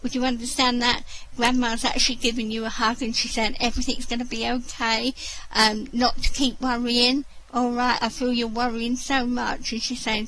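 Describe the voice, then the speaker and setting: Woman giving psychic readings, high voice. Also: level tone, moderate pace, a little hiss or hum, poor audio. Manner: warm, repeatedly checks in with the sitter. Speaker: spiritualist medium. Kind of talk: live psychic readings in an online voice chat. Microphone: computer mic in an online voice chat room.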